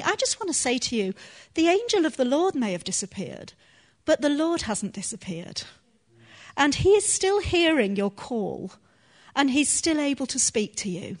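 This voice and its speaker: A woman preaching a sermon to a congregation, teaching earnestly and laughing softly now and then. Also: high voice, sing-song, moderate pace.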